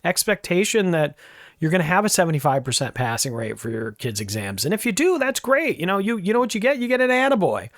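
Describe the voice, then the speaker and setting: A man's voice: high-pitched, big pitch swings, fast, no echo, clean studio sound. A man doing a breezy, upbeat school principal.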